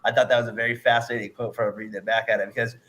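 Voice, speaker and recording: A man hosting a casual sports interview, quick and eager, reacting with frequent laughter. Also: fairly low pitch, level tone, fairly bright tone. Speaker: interview host.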